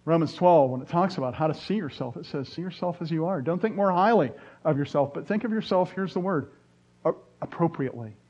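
A man preaching a sermon as pastor, earnest, often dropping into soft, quiet phrases. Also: fairly high pitch, expressive, brisk, lo-fi sound. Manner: earnest, preaching with dramatic drops to soft tones.

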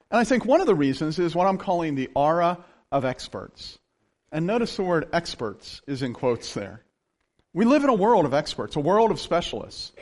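A man preaching a sermon as pastor, telling stories in an animated way and often laughing. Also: on the high side.

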